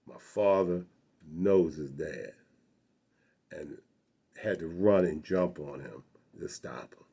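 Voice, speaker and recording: A man's voice: a bass voice, takes it slowly, vocal fry, mellow, breathy edge. A man in his sixties telling a personal childhood story in an earnest, reflective way.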